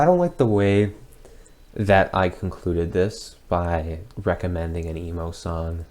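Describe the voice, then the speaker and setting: A young man talking casually as he reacts to his own old video, hesitant and rambling, with lots of pauses and restarts. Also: deep voice, a little mellow. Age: young adult.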